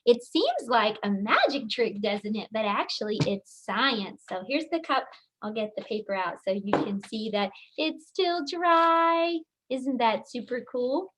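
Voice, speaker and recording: High-voiced teacher reading to little kids. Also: female voice, background noise. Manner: slow and expressive, with big high leaps on dramatic lines. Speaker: preschool teacher. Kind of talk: reading a picture book to children.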